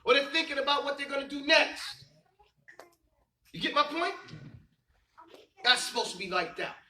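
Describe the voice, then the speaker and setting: A man's voice: very high-pitched, animated, moderate pace, sharp tone, echoey room, recorded from a distance, poor audio. Emphatic man teaching a class. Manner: quizzing students, emphatic and repetitive. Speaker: religious teacher. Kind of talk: classroom lesson with call and response.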